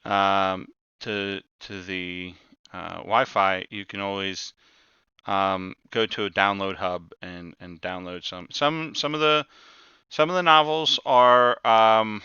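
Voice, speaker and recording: A man's voice: on the low side, fairly even intonation, slow pace, sharp tone, clean tone, dry recording, highs cut off. A man running a tabletop game as game master, explaining in a rambling way and repeating words as he goes.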